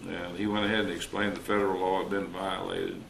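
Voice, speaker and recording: A man's voice: low voice, level tone, brisk, creaky, fairly bright tone. Older man, retired wildlife officer, storytelling interview, roomy recording with faint hiss. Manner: folksy, anecdotal, acts out quoted dialogue.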